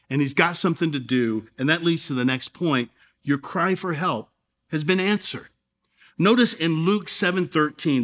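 A man preaching a sermon as a pastor, earnest, with dramatic pauses and sudden drops and rises in volume. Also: on the high side, a bit bright.

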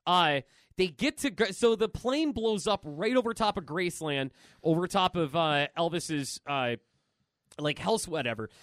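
A man co-hosting a casual comic book podcast, retelling a story in an excited, rambling way with many fillers. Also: high voice, measured pace, no room sound, clean studio sound. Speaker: podcast co-host.

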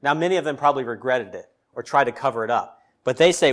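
A male pastor preaching a sermon, emphatic, with loud peaks and pointed questions to the congregation. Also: medium pitch, animated, fast.

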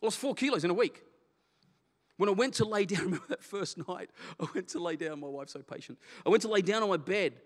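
A middle-aged pastor tells his own story in an animated, candid, self-deprecating way. His voice sits a little high for a man. A long reverb trails after him, as in a big church hall. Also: fast, hardly any pauses. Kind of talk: personal testimony sermon.

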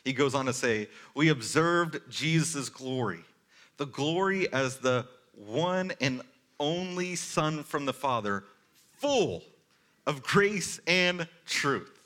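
A man preaching a sermon as a pastor, talking in a conversational, animated way with casual asides. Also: on the high side, slow pace.

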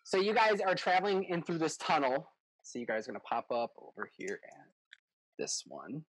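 A man's voice: a little high, big pitch swings, normal speed, fairly bright tone, breathy edge, no room sound, poor audio. A man running a tabletop game as game master, describing scenes in a rambling, self-correcting way.

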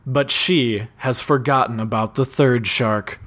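Brief: male reader, mid pitch, reading a spoof story and cracking up. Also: steady tone, unhurried, fairly bright tone. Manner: amused, often breaking into laughter. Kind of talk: comic reading of a parody story.

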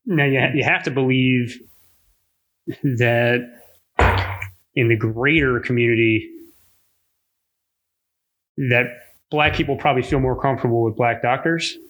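Bright-voiced man asking probing questions. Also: medium pitch, a little slow, pauses often, slight background noise, low-quality recording. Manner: probing, keeps pressing with follow-up questions. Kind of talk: casual interview conversation.

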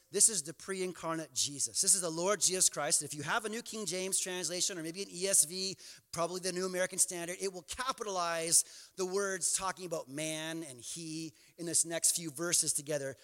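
High, bright-voiced preaching man in a hall. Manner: builds from quiet storytelling to impassioned, near-shouted preaching. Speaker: pastor. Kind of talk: sermon. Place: church sanctuary. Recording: church hall reverb.

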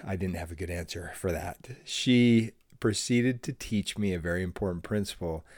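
A man's voice: lowish voice, a little mellow, no room sound, clean studio sound. A middle-aged man hosting a devotional podcast, telling a childhood story in an earnest, friendly way with an occasional laugh. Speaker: podcast host.

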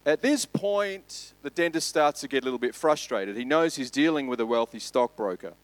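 Australian pastor preaching conversationally. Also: male voice, medium pitch, expressive, moderate pace, no echo, poor audio. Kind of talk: sermon.

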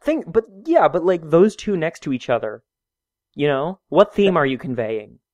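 A man's voice: on the high side, very animated, normal speed, darkish tone, dry recording. A man co-hosting a casual chat podcast, joking, rambling and laughing often. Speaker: podcast co-host.

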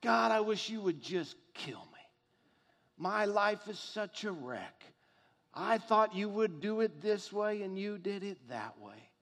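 A man's voice: high-pitched, very animated, slow, a bit bright, heavily acted. A male preacher voicing the sulking prophet Jonah, indignant and stubborn, in a reverberant hall. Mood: despairing.

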